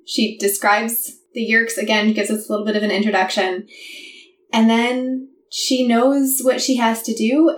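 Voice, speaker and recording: A woman on a casual book podcast recaps the plot in long, breathless run-on sentences, clearly moved by it. She sits a little back from the mic, and her voice rings in an echoey room. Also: medium pitch, recorded from a distance. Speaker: podcast co-host.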